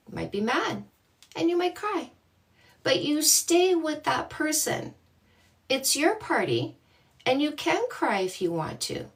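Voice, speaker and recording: Chatty high-voiced woman dating coach. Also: recorded from a distance. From Canada. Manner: greets viewers by name, playful and chatty. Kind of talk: livestream chat with viewers.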